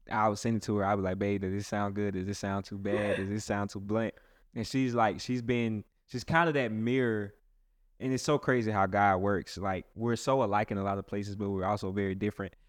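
A man's voice: lowish voice, no echo, clean studio sound. A man, a pastor hosting a casual chat, who talks in a rambling way with many restarts. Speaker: pastor and host.

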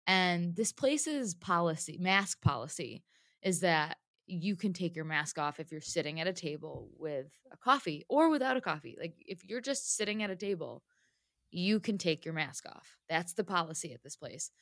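A woman's voice: fairly low pitch, moderate pace, no room sound, studio quality. A woman telling a personal story in a casual chat, with lots of "like" fillers. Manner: chatty, lots of "like", animated retelling.

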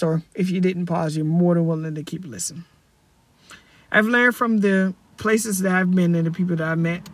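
A man's voice: sits high, a bit bright, dry recording. A young man hosting his own podcast, talking casually, upbeat and rambling, correcting himself and firing off rhetorical questions. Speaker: podcast host. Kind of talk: casual solo podcast talk.

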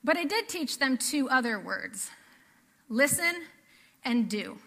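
Woman pastor from the pacific northwest, chatty sermon, high voice, long church echo. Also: sing-song, slow pace, gravelly, bright, forceful tone. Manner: earnest, conversational with repeated phrases. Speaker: preacher. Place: church sanctuary.

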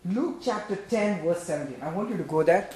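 High-voiced man preaching in an echoey church. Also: animated, fairly quick, a little mellow. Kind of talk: sermon.

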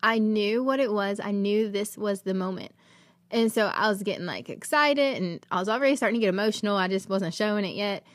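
A woman's voice: medium pitch, expressive, brisk, no room sound, clean studio sound. A woman, hosting a podcast and telling a personal faith testimony in an earnest, emotional, rambling way. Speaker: podcast host.

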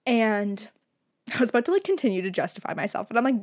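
A woman's voice: mid-range voice, sing-song, fast talker. A young woman hosting a podcast, talking openly and emotionally in a casual monologue, swearing freely and laughing as she talks. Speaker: podcast host.

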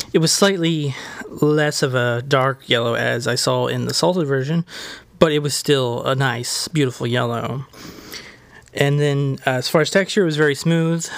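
A man's voice: medium pitch, a little slow, no room sound. A man hosting his own podcast, reviewing butter in a casual, hammy way and tossing in a jokey put-on Irish "lad". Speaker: podcast host.

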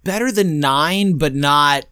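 Man with a fairly high voice, dry podcast sound. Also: takes it slowly, pushed and bright, clean tone, dry recording. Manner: conversational, wanders off mid-thought, dry jokes. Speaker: podcast co-host. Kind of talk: casual podcast chat about video games.

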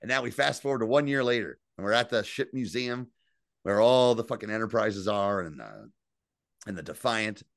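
A man co-hosting a podcast, recapping an episode in casual, profane, animated chat. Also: lowish voice, moderate pace, vocal fry, no room sound, studio quality. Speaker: podcast co-host.

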